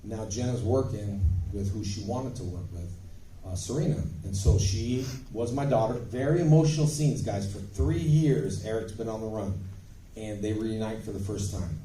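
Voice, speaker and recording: A man with a dark, mellow voice tells stories with emphatic bursts of energy on a convention panel. He sounds fairly low and distant. The recording is a phone clip from the crowd in an echoey hall. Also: normal speed, slight background noise. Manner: animated, emphatic storytelling with bursts of volume. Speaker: panel guest, actor. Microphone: phone recording from the audience.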